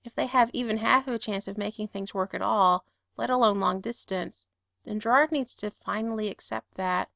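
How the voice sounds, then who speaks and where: A woman calmly reading a story aloud in a steady storytelling voice. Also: mid-range voice, moderate pace, gravelly, no room sound, clean studio sound. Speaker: narrator. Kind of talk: reading fan fiction aloud.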